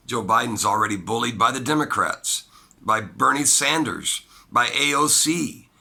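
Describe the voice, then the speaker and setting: Man, gravelly voice, bright edge, emphatic solo commentary, loud bursts and low asides. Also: animated, unhurried, pauses often. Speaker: political commentator. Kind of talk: solo opinion monologue.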